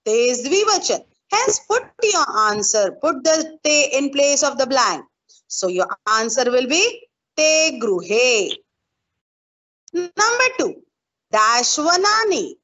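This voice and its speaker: A woman's voice: high voice, fairly bright tone. A woman teacher with an Indian English accent, patiently walking her class through answers step by step and repeating them. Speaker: school teacher. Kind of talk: online class lesson.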